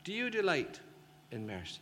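A man with a high voice and wildly swooping pitch preaches an impassioned sermon at a moderate pace, his tone bright and forceful. He fires emphatic rhetorical questions at the audience, recorded in a reverberant hall with faint ambient noise.

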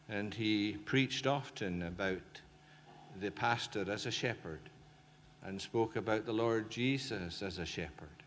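A man's voice: on the low side, fairly bright tone. A man preaching a sermon in an impassioned way, firing emphatic rhetorical questions at his listeners. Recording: reverberant hall, faint ambient noise.

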